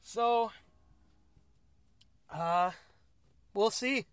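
A man's voice: high voice, very slow, clean tone, no echo. A man hosting a podcast, rambling and swearing in a self-deprecating monologue while driving his car. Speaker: podcast host.

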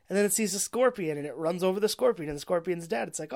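A woman's voice: fairly low pitch, lively intonation, fast talker, few pauses, a little mellow. Rambling young woman recapping a movie. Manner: rambling, heavy on "like" and swearing, laughs often. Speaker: movie reviewer. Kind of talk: casual plot recap.

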